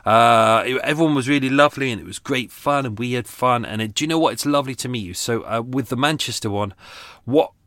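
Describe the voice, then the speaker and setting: A man's voice: medium pitch, fast, a bit bright, dry recording. A middle-aged man hosting a podcast in a casual, rambling chat full of fillers and restarts, talking outdoors by his boat. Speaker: podcast host.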